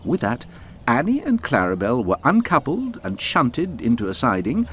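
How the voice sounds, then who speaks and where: A man narrating a children's audiobook in a lively, expressive storytelling voice. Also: mid-range voice, normal speed, slight background noise.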